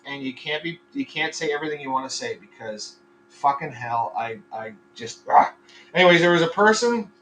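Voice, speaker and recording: A man's voice: a little high, bright, forceful tone, far from the mic, a little hiss or hum, low-quality recording. A middle-aged man who farms chickens and hosts a podcast, talking casually with a lot of swearing and constant tangents. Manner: profane, rambling, frequently sidetracked. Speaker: podcast host and chicken farmer. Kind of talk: casual rambling podcast monologue.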